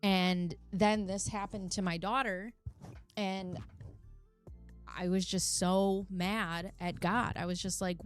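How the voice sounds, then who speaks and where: A woman's voice: mid-range voice, steady tone, measured pace, soft background music. A middle-aged woman hosting a casual live chat, telling personal stories candidly and swearing freely. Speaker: channel host.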